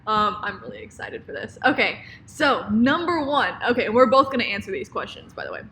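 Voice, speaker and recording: A woman's voice: fairly high pitch, animated, fairly quick, bright, forceful tone, slight background noise. Giggly young woman co-hosting a podcast. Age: 20s. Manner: giggly, laughs often. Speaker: podcast co-host. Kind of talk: casual chat.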